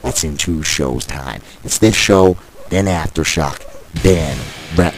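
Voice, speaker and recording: A man doing play-by-play commentary of a wrestling show, opinionated and excitable, openly taking sides. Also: a bass voice, slow pace. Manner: opinionated, excitable, biased toward one wrestler, mock-fearful outbursts. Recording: music playing behind.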